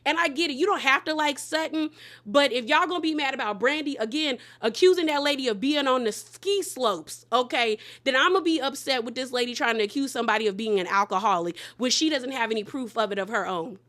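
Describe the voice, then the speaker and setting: A woman recaps reality TV gossip in a loose, animated way, full of slang and sassy asides. Her voice sits a little high and rings bright and forceful. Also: brisk. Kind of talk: casual gossip recap commentary.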